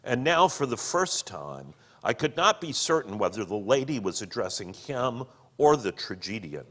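A man reading a book aloud and commenting on it, slow and expressive. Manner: slow and expressive, with wide pitch swings. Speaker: reader and teacher. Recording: long hall reverb.

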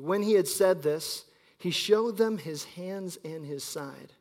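A man in his thirties preaching a sermon as pastor, telling stories and swinging between loud emphasis and quiet asides. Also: a little high, unhurried. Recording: long hall reverb.

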